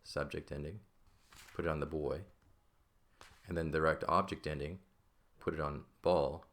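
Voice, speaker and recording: A man's voice: a bass voice, steady tone, normal speed, fairly bright tone. A man teaching a classical Greek grammar lesson, explaining step by step and often checking in with "right?". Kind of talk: classroom lecture.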